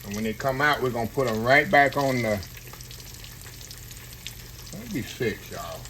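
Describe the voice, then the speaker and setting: A man's voice: medium pitch, unhurried, pauses often, sharp tone, slight background noise. A man hosting a casual home cooking demo, chatty and saying "y'all" a lot. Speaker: home cook channel host. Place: home kitchen, frying on the stove. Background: frying sizzle.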